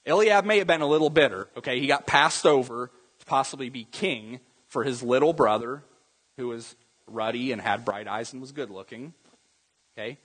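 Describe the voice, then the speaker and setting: A man's voice: mid-range voice, moderate pace, a bit bright, slightly rough, big-room sound. A man preaching a sermon as pastor, talking conversationally and acting out Bible scenes in different voices.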